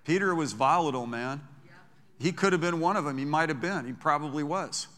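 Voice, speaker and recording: A male pastor preaching a sermon to a congregation, impassioned and rising to loud emphatic peaks. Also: on the high side, a little fast. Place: church sanctuary before a congregation. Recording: long hall reverb in a church.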